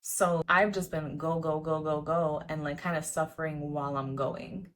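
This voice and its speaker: A woman's voice: low-pitched, fairly even intonation, moderate pace. A young woman vlogging to camera in a casual, earnest, encouraging way, full of "like" fillers and repeated words. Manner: chatty, repetitive, lots of "like" fillers. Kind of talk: casual motivational talk to camera.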